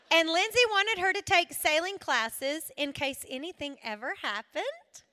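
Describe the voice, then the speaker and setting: A middle-aged woman giving a devotional talk to women, telling a story dramatically with shouted peaks and laughter. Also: very high voice. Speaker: women's ministry speaker. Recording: long hall reverb.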